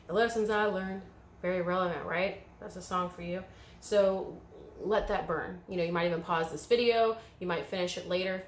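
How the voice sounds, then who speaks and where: A woman's voice: lowish voice, reverberant, a little hiss or hum. A woman giving an emotional pick-a-card tarot reading, coaching viewers through a guided visualization. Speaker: tarot reader.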